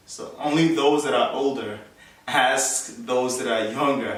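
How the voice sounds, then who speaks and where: A man's voice: medium pitch, a little slow. A man from Nigeria, co-hosting a casual chat, explaining at length and laughing often. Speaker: co-host. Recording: echoey room, voice a bit far from the mic.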